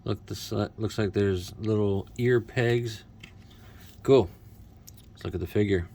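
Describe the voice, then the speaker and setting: A man's voice: on the low side, steady tone, unhurried, mellow. A man doing casual unboxing commentary as a toy reviewer, with wry, self-mocking asides.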